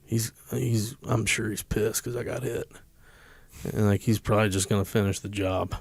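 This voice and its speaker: A man's voice: lowish voice, steady tone, moderate pace, gravelly, husky, no room sound. A man from the United States, a podcast guest, telling a personal story in a candid, profane and emotional way.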